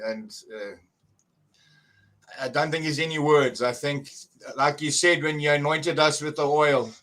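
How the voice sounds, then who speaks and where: A middle-aged man, excitedly telling a story as a guest, halting and restarting often. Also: mid-range voice, rough recording. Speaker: guest church member. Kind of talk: casual testimony.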